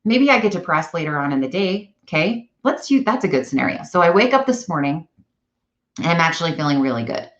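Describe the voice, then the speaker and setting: Chatty woman live-streaming, low-pitched, dull lo-fi audio. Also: a little fast. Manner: chatty, animated, self-correcting. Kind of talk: casual live-stream chat.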